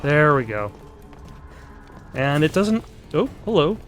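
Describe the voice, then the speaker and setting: A man's voice: a little high, big pitch swings, slow, faint music behind. Out-of-breath man rambling over gameplay. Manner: rambling, many ums and uhs, self-deprecating. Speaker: let's play host. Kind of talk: casual gameplay commentary.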